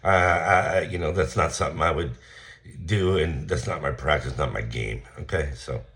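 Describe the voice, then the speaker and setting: A man's voice: very deep voice, normal speed, a bit bright. A man casually telling a story in a blunt, profane rant, acting out his heated replies. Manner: blunt and profane, retelling a confrontation with heated quoted lines. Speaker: vlogger.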